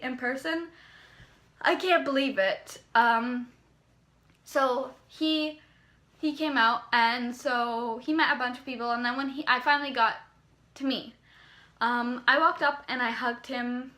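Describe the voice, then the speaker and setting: Speaking a little slowly in a high voice, a young vlogger from Canada excitedly recounts a story in a chatty, wandering way, saying "like" again and again.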